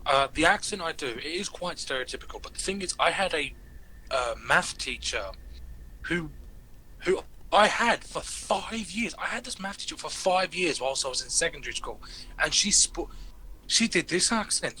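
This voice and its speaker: British man, bright voice, a bit high, animated storyteller, faint hiss behind. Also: normal speed. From Britain. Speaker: player. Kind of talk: casual chat at a tabletop game.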